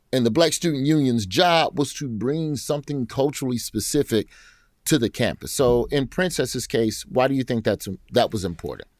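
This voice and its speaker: A man's voice: mid-range voice, no echo, clean studio sound. A man hosting an interview, asking loose, conversational questions with joking asides. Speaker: talk show host.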